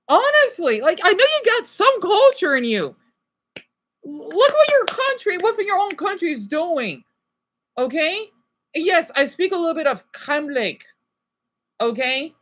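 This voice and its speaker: A woman's voice: very high voice, a bit bright. A woman from Arizona with an American accent, ranting through a rambling livestream monologue on a basic home setup and pressing her points with repeated "okay?"s. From Arizona, USA. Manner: rambling, emphatic, keeps asking "okay?".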